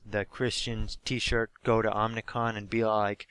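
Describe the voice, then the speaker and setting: A young man with a sore, hoarse throat, recapping a live wrestling show he went to in an animated, swear-heavy way. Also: lowish voice, measured pace, no echo. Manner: animated storytelling, swears freely, acts out quotes. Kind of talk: casual excited recap.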